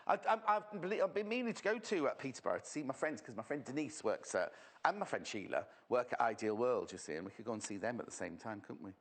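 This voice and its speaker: Chatty, lively TV presenter man. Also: mid-range voice, fast talker. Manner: chatty, gossipy, teasing the crew. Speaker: shopping channel presenter. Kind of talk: live TV sewing demonstration. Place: TV studio.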